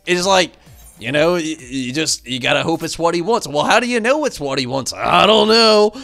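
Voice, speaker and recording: A man streaming games, chatting casually and telling rambling, animated stories full of fillers. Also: a little high, normal speed, vocal fry, soft background music. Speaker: game streamer. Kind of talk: casual chat while streaming.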